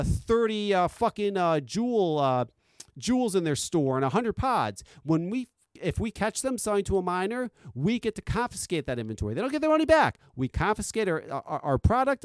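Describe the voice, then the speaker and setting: Animated man ranting with heat. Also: sits high, no echo. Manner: heated, profane, animated rant. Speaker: vape channel host. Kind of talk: ranting commentary.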